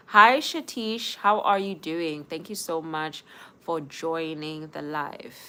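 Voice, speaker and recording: A woman's voice: lowish voice, a bit bright, slight background noise. A young woman hosting a casual live stream, speaking earnestly and giving advice straight to her viewers. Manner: earnest, advising viewers directly.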